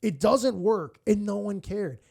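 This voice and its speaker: High, gravelly-voiced man telling stories. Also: unhurried. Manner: animated, profane, acts out quotes. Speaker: morning radio co-host, guest. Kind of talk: casual storytelling.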